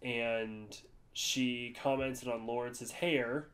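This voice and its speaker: A man's voice: fairly even intonation, very slow, a bit bright. A man from the United States, co-hosting a podcast, telling stories in a loose, rambling way. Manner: rambling storyteller, jumps to high-pitched voices for quoted people. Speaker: podcast co-host. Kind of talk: casual chat.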